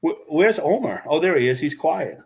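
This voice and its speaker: A man's voice: on the high side, sing-song, moderate pace, vocal fry, darkish tone. Easygoing man from New York, casual co-host banter. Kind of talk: casual chat on a drawing stream.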